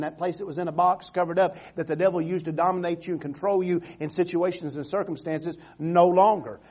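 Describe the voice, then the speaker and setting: A male pastor preaching a sermon, calling for amens and drawing scripture out slowly, swinging from loud exhortation to hushed storytelling. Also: fairly high pitch. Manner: emphatic, calls for amens, stretches scripture slowly.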